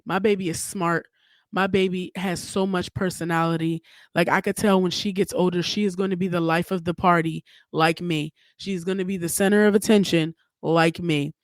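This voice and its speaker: A woman's voice: on the low side, no room sound. A young woman hosting her own podcast, talking alone in a candid, emphatic way and swearing freely. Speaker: podcast host. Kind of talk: solo podcast monologue.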